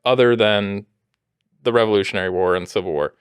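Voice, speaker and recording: A man's voice: lowish voice, brisk, smooth, no room sound. A man co-hosting a podcast with a dry, laid-back, teasing manner. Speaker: podcast co-host. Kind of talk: casual podcast chat.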